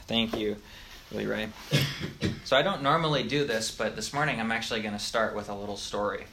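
A man's voice: on the low side, a little fast, creaky, background noise. A young man teaching Sunday school, telling a story in a chatty, conversational way with asides. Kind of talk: casual storytelling lesson.

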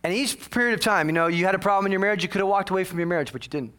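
Male pastor, high and bright voice, lively sermon delivery with quick acted-out asides. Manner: animated, swings between quiet asides and loud exclamations; acts out voices of his congregation. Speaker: senior pastor. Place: church sanctuary.

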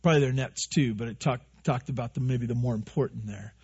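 A man preaching a sermon to a congregation in a relaxed, joking way, full of rhetorical questions. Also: mid-range voice, fast, gravelly, breathy edge. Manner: conversational, joking, asks many rhetorical questions. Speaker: pastor. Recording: dull lo-fi recording.

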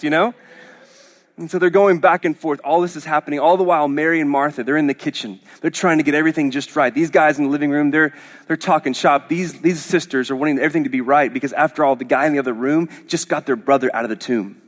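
A man's voice: on the high side, quick pace. A man from Oklahoma preaching a sermon as pastor, in a conversational, joking storytelling manner with frequent restarts.

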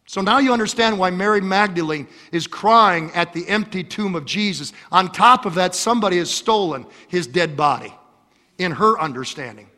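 A man preaching a sermon, impassioned, repeating his phrases and swinging between loud exhortation and hushed storytelling. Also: high-pitched, big-room sound. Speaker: pastor. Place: church.

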